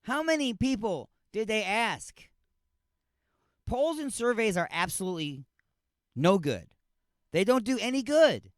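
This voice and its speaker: A male radio host with a high voice that swings all over the place as he rants through a comedic monologue. He keeps throwing rhetorical questions at the listener and trips over his own restarts. The voice sounds dry and close, with faint music under it. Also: no echo. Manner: restarts and repeats himself.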